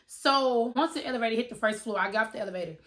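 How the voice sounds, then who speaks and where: A young woman vlogger telling a story in a casual, animated and profane way, talking straight to her viewers. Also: on the high side, very fast.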